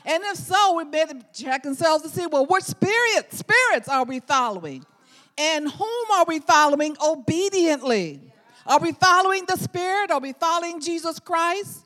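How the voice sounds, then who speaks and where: High-voiced woman preaching in echoing hall. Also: lively intonation, moderate pace, fairly bright tone. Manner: earnest, emphatic, repeats key words. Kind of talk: sermon. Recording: long hall reverb.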